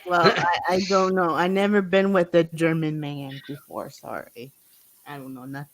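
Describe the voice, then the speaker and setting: A woman's voice: deep voice, steady tone, normal speed. A woman in a casual group chat, teasing and giggly.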